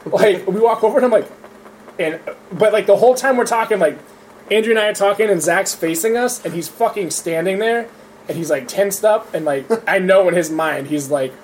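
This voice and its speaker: A man's voice: high-pitched, moderate pace, darkish tone, a little hiss or hum. A young man casually telling a profane, laughing story to friends. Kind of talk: casual chat.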